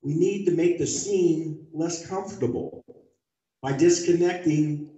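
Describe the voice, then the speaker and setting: A man delivering a prepared statement at a community meeting, measured and deliberate, making forceful demands. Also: fairly high pitch, slight background noise. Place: large community meeting hall. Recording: dull, echoey hall recorded from far off.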